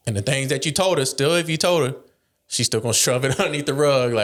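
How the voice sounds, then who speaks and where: A man's voice: medium pitch, animated, fast. A man co-hosting a casual podcast chat, playing out both sides of relationship arguments in quoted voices and swearing casually. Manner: laughs between lines, swears casually. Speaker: podcast co-host.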